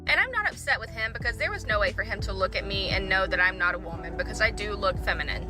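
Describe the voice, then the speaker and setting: A woman's voice: medium pitch, expressive, fast. A woman telling a grievance story to camera in a casual, complaining monologue. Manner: complaining, explanatory. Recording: music under the voice.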